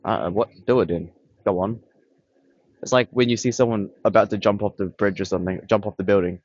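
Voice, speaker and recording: Blunt low-voiced man rambling to camera. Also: fairly even intonation, a little fast, a little mellow, dry recording, dull audio. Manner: blunt, dismissive, repetitive. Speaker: vlogger. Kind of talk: casual rambling monologue. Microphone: camera on tripod.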